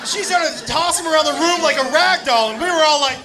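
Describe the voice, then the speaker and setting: A man doing stand-up comedy on a club stage, telling a wild story loudly and laughing through his punchlines. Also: very high voice, quick pace. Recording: live club set with audience laughter. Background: crowd laughter and room noise.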